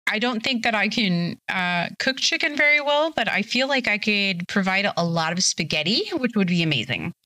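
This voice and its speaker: A woman's voice: mid-range voice, lively intonation, moderate pace, few pauses, pushed and bright, no echo. A young woman streaming live, a little tipsy, chatting casually and bubbly as she reads her chat aloud.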